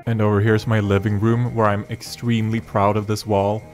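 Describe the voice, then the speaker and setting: Deadpan man over music. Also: lowish voice, a little fast. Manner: deadpan, dry absurd humor. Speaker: YouTuber. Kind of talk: deadpan comedic vlog and Q&A. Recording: music playing underneath.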